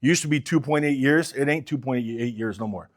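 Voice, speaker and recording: A man's voice: mid-range voice, a little fast. A man coaching car salespeople, talking with energy and urgency and acting out sales calls. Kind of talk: sales training talk.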